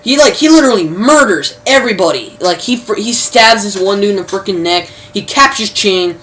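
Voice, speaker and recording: Recapping a TV episode in a loose, rambling way, this woman fills gaps, restarts sentences and drops mild slang. Her mid-range voice is expressive, a little fast and a bit bright, and the distant mic catches some faint background noise.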